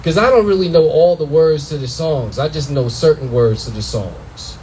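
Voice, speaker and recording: A young man tells stories on a comedy club stage, loud, animated and full of profanity. His voice sits high for a man, and he acts out other people's voices as he goes. A faint room ambience hums behind him. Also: normal speed, a little hiss or hum, rough recording. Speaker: stand-up comedian. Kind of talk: stand-up comedy set.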